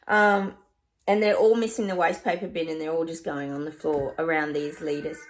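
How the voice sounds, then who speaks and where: A woman's voice: deep voice, fairly even intonation, moderate pace. A woman with an Australian accent, a psychic chatting casually to camera in a rambling way, often stopping to laugh.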